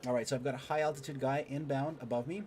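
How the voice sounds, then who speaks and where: A man in the middle of a live flight-sim battle talks in an average-pitched voice, switching between patient explanation and excited outbursts. He mutters to himself as threats appear. Faint hiss sits under his mic. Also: very fast. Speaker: streamer teaching flight sim combat. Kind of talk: live gameplay commentary and tutorial.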